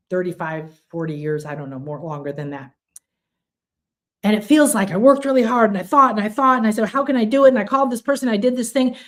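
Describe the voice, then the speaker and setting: Older woman giving an earnest spiritual talk. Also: mid-range voice. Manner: earnest, repetitive, affirming; slips into lively acted quotes of her own inner voice. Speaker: spiritual teacher.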